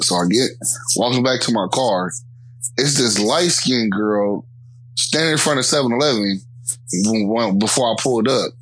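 Animated man telling a story, dry sound. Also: on the low side, moderate pace, breathy edge, no room sound, rough recording. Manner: animated, slangy, lots of profanity. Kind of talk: casual storytelling.

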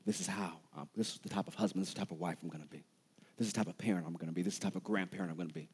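A man preaching a sermon as pastor, with impassioned delivery that builds to shouted peaks. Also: deep voice, steady tone, rapid-fire, slightly rough, in a large hall.

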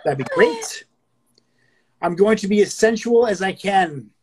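Husky-voiced guy cohost, jokey, pokes fun at himself, reads poems. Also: high voice, animated, measured pace, darkish tone. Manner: joking, self-mocking. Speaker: co-host of a poetry stream. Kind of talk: casual chat and poetry reading.

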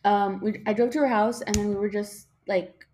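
A woman's voice: medium pitch, steady tone, moderate pace, warm tone, a little hiss or hum. A young woman hosting a casual podcast, rambling, swearing a lot, losing her train of thought and yawning as she talks. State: yawning, tired. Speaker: podcast host.

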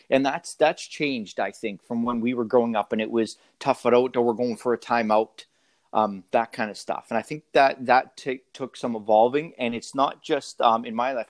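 A man's voice: medium pitch, no room sound. A man in his thirties, a father talking in a casual interview, hesitant and full of fillers and restarts.

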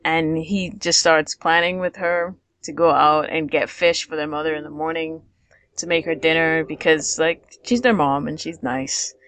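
A woman's voice: sits low, flat delivery, normal speed, a bit bright, dry recording. A woman co-hosting a podcast, recapping episodes in casual chat, laughing often and acting out the characters' lines. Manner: chatty, laughs often, acts out quotes. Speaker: podcast co-host.

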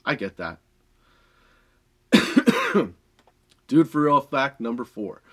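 A young adult man, high and laughing often, reading odd facts and ranting with a lot of swearing. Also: huge pitch swings, very slow, a bit bright. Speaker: podcast host. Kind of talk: casual stoned rant.

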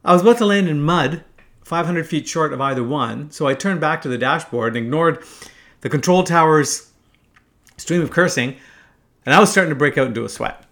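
A man's voice: on the high side, brisk, fairly bright tone. A man in his fifties from Canada, telling a first-person story in a wry, casual way, swearing freely. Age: 50s.

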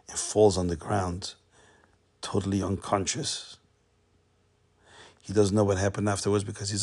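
A man telling a Hasidic tale, animated and repeating phrases for suspense. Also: medium pitch, creaky. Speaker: storyteller.

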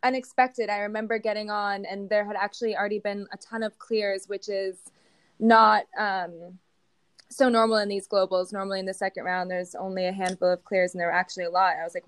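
A woman's voice: mid-range voice, steady tone, a little fast, clean tone, no echo. A young woman answering interview questions casually, with lots of fillers and little laughs. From United States. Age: young adult. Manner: hesitant, many fillers and giggles. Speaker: guest, show jumping rider.

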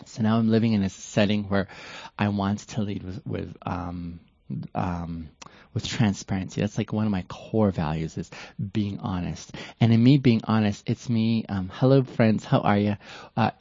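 Earnest low-voiced man, dry dull sound. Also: creaky, warm tone, dry recording. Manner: earnest and heartfelt, with repeated restarts. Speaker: online creator speaking to followers, former church leader. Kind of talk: live-streamed reflective monologue.

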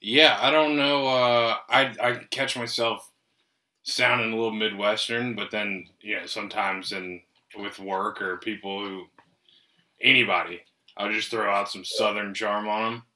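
A man chats loosely on a home podcast, joking and laughing as he goes. His voice is very bright. He sits well back from the microphone. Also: on the low side, steady tone, a little slow. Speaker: podcast co-host. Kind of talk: casual chat. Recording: roomy, from far off the mic.

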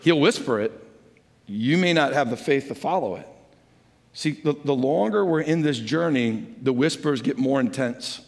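A middle-aged man preaching a sermon as a pastor, earnest and exhorting, swinging between loud urging and hushed intensity. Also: mid-range voice, expressive, normal speed, creaky. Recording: long hall reverb.

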